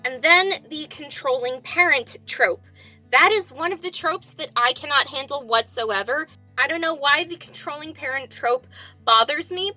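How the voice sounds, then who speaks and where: Woman book vlogger, high and crisp, blunt, opinionated. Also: moderate pace, pushed and bright, faint music behind. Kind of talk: casual book review vlog.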